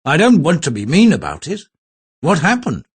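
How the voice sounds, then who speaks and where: A nosy, winking landlord, played by a male audiobook narrator, chatty and gossipy. His voice rises a bit higher and louder than the narration, with a husky grain. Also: huge pitch swings, normal speed, full character voice. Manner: gossipy, complicit.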